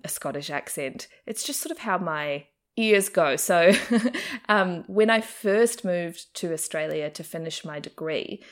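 A young adult woman with a faint New Zealand accent, chatting in an interview and laughing often. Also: sits low. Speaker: actor and comedian interviewee. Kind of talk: casual interview chat.

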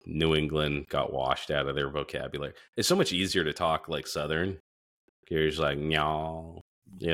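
Super deep voiced dude co-hosting a podcast, chill, swears casually. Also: male voice, a bit bright. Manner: laid-back, profane banter. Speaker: podcast co-host.

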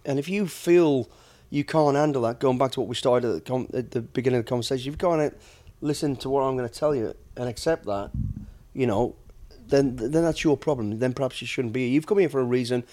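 A man's voice: medium pitch, fast talker, mellow. Blunt middle-aged British man. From United Kingdom. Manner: blunt, plain-spoken, swears casually. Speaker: podcast host, former soldier and bodyguard. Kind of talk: casual chat, storytelling.

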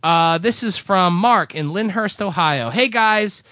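A man hosting a podcast, reading listener letters aloud in a casual, animated way and laughing now and then. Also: sits high, measured pace, no room sound.

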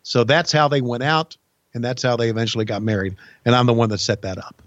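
A man, co-hosting a podcast and telling stories in a folksy, halting way. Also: medium pitch, steady tone, fairly bright tone, no echo, lo-fi sound. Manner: folksy storyteller, halting restarts. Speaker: podcast co-host, former wrestling insider. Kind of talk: casual chat, storytelling.

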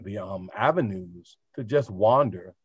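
A man's voice: on the low side, expressive, a little slow, breathy edge, no room sound. A man who teaches art, talking casually and animatedly, often asking rhetorical questions. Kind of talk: casual podcast conversation.

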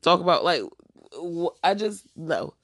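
A woman's voice: fairly low pitch, animated, unhurried, fairly bright tone, no room sound, studio quality. A woman hosting her own podcast, talking bluntly and profanely in a casual solo rant, with a stuffy nose. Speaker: podcast host.

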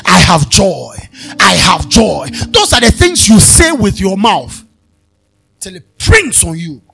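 A man preaching a sermon as pastor at a live convention, repeating phrases and swinging between soft talk and shouts. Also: high-pitched, sing-song, slow pace, gravelly, soft background music.

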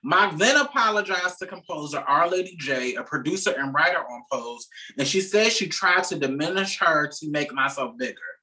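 A man with a bright, fairly high voice reads a news story aloud for a podcast, moving briskly and dropping in casual asides. He sits a little back from the microphone, so the sound is slightly distant. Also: animated. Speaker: podcast co-host. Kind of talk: reading a news article aloud.

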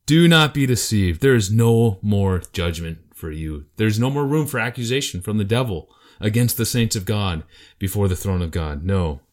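Lively low-voiced man teaching scripture. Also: moderate pace. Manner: animated storyteller, acts out voices. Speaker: podcast co-host teaching Bible passages. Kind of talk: casual Bible study talk.

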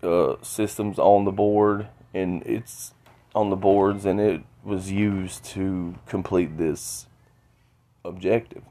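A man talking alone into his podcast, stuffy from a cold, halting and often repeating words. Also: low-pitched, steady tone, mellow. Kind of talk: solo monologue.

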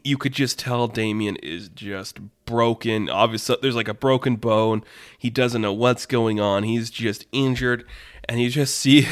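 A man's voice: fairly low pitch, a bit bright. A man hosting a podcast, telling an improvised story casually, rambling and restarting as he goes. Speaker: podcast host.

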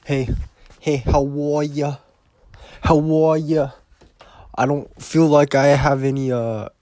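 A man's voice: on the low side, no room sound. A young man hosting a solo podcast from his bedroom, rambling loosely and swearing constantly, sometimes dropping into a whisper. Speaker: podcast host.

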